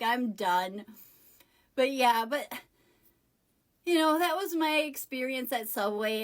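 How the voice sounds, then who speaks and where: A woman's voice: a little high, a bit bright. A woman vlogger telling a personal story to the camera in a casual, rambling way, often correcting herself. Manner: chatty, rambling retelling with self-corrections.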